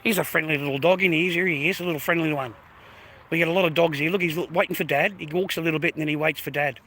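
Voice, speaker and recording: Australian man, loose walk-and-talk streamer, high bright voice, faint street noise. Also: steady tone, rapid-fire. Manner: chatty, rambling, peppers speech with "mate" and "bro", swears. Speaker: live streamer. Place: outdoors, walking along streets. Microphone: phone held while walking.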